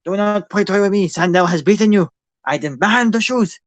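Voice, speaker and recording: Man doing a goblin, male, pushy, shrill, loud, dry close sound. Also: normal speed, no echo, lightly acted. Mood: demanding.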